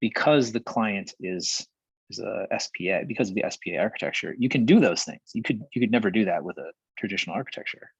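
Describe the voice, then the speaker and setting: A man's voice: on the low side, animated, fast talker, breathy edge, no echo, highs cut off. A man talking casually and emphatically on a panel, rambling with many fillers. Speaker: co-founder on a panel.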